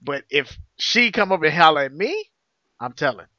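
A man's voice: fairly high pitch, big pitch swings, normal speed, sharp tone, no room sound. A man co-hosting a podcast, giving blunt, emphatic opinions in casual chat. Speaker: podcast co-host. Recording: dull dry lo-fi audio.

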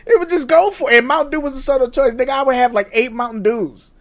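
A middle-aged man co-hosting a casual chat, telling stories in a profane, animated way with frequent laughs. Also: very high voice, fast talker. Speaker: podcast co-host.

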